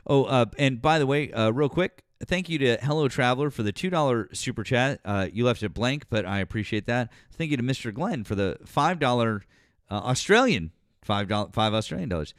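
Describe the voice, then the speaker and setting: A man's voice: mid-range voice, lively intonation, fairly quick, clean tone, dry recording, clean studio sound. A man hosting a casual politics livestream, rambling, swearing now and then, and thanking viewers from the chat. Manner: rambling, swears, many fillers, reads chat aloud.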